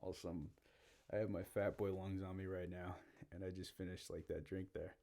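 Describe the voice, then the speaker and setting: Low-voiced man rambling through a monologue. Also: flat delivery, gravelly, warm tone. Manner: meandering, halting, repeats himself, frequent "you know" and "like". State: out of breath. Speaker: podcast host.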